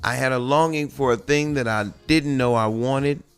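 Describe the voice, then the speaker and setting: A man's voice: mid-range voice, normal speed, clear, resonant tone. A man and father, hosting a podcast, talking in a candid, profane, rambling monologue with many restarts. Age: adult with children. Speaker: podcast host.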